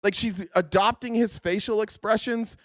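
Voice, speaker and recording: A man's voice: high-pitched, fairly even intonation, moderate pace, a bit bright, no room sound, clean studio sound. An American man hosting a political commentary livestream, ranting in an angry, profane and mocking way.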